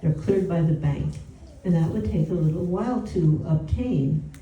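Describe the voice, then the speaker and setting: Woman storyteller at a home gathering, low warm voice, conversational, picked up at a distance. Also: normal speed, muffled recording. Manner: conversational, frequent "you know" asides. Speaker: speaker at a devotional home program. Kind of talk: storytelling talk. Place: indoor gathering room. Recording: roomy and distant from the mic.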